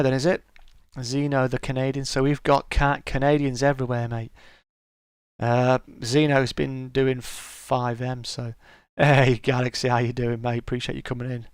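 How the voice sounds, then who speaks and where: A man's voice: mid-range voice, fairly even intonation, normal speed, smooth, no echo, studio quality. A middle-aged man hosting a casual live-stream chat, greeting viewers by name and calling them mate.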